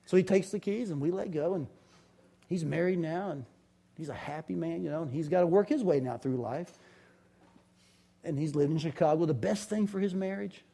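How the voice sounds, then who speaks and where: A man's voice: on the high side, fairly quick, vocal fry, dark tone. A middle-aged man telling family stories to an audience in a candid, folksy, chatty way. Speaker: father giving a talk. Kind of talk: storytelling talk.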